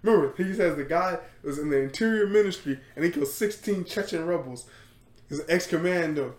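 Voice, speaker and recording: A man hosting a podcast, retelling a story in casual chat, animated and laughing, with lots of fillers and swearing. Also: fairly high pitch, fairly quick, echoey room. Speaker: podcast host.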